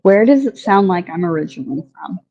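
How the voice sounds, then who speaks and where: A woman's voice: fairly low pitch, animated, a little fast, dark tone, dull audio. A woman from Alabama, a podcast guest in casual chat, with a dry, teasing manner.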